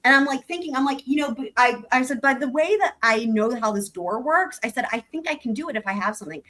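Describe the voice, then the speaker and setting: A woman's voice: a little high, lively intonation, quick pace, a bit bright. A woman hosting a casual livestream, chatting to her viewers as she tells a story, swearing freely and reading out chat comments. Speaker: livestream host.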